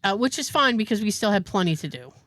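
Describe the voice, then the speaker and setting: A woman's voice: mid-range voice, fast talker. A woman co-hosting a podcast, telling a story in casual chat and acting out what people said. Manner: animated storyteller acting out quoted dialogue. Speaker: podcast co-host.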